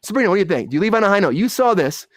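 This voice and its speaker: A man's voice: high voice, big pitch swings, racing, dry recording, clean studio sound. A man hosting a live entertainment news chat, talking casually and putting questions to his co-hosts. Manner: conversational, asks questions, repeats himself. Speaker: host.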